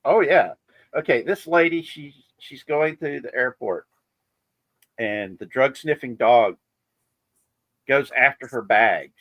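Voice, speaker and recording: A man hosts a casual livestream chat at an ordinary middle pitch. He rambles along with plenty of fillers and small chuckles, and his voice sits dry and close to the mic. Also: slow pace, pauses often, dry recording, dull audio. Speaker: livestream host.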